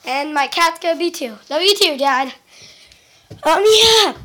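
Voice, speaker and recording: High-voiced giggly home vlogger woman. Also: normal speed. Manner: giggly, excitable, chatty with frequent mild exclamations. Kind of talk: casual vlog chat. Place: at home indoors. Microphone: handheld camera.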